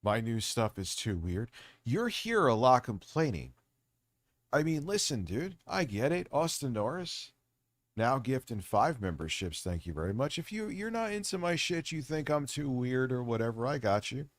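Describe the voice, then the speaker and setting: A man's voice: mid-range voice, very animated, normal speed, dry recording. A man hosting a casual livestream, talking in a rambling, jokey, off-the-cuff way. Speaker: livestream host.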